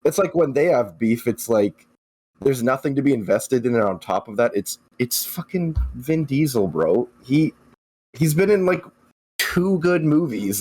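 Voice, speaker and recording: A man co-hosts a casual podcast, laid back and wry, with a husky voice. The sound is dry and close, with no room in it. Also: mid-range voice, a little mellow, no echo. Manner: laid-back, wry opinions, laughs along. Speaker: podcast co-host.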